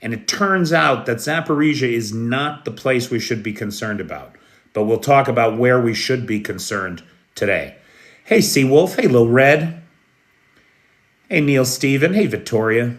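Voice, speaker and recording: A man from the United States hosting a live news stream, speaking in a slow, measured, friendly way and greeting chat viewers by name. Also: mid-range voice, animated. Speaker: news livestream host. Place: Kyiv, Ukraine.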